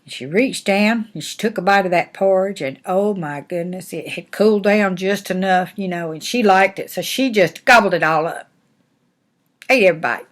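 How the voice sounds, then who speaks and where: A woman's voice: medium pitch, moderate pace. Folksy older woman telling a story. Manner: folksy, animated, homespun phrasing. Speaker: grandmother reading stories. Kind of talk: storytelling to grandchildren.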